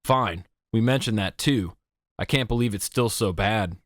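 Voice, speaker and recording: A man's voice: lowish voice, measured pace, dry recording, studio quality, close to an everyday voice. A man voicing a blunt, pushy teenage boy in an audiobook, talking in a teasing way.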